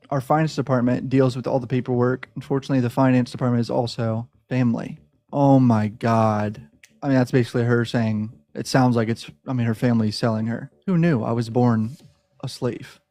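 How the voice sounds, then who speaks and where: A man reading out text on a live reaction stream, now and then cutting in with shocked asides. His tone is dark and mellow, and the sound is close and dry. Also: mid-range voice, no room sound. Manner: reads flatly, breaks off with shocked asides. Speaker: host reading and reacting to documents.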